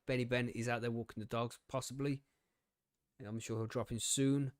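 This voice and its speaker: This man, a podcast host, chats casually on a live stream at a normal speed, his voice medium-pitched and level. He rambles, makes fun of himself, swears often and laughs easily. The recording is dry, with a clean studio sound.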